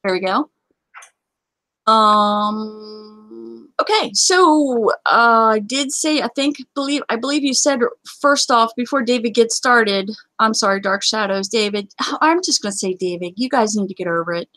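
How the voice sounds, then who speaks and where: A woman's voice: fairly high pitch, a little slow, sharp tone, dry recording, poor audio. A woman hosting a casual live game show, chatty and rambling, often apologizing. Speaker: livestream host.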